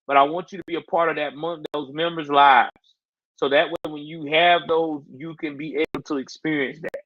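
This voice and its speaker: A man's voice: fairly high pitch, steady tone, normal speed, no echo, lo-fi sound. A man hosting a casual livestream, talking in loose slang and answering his viewers' chat. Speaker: livestream host.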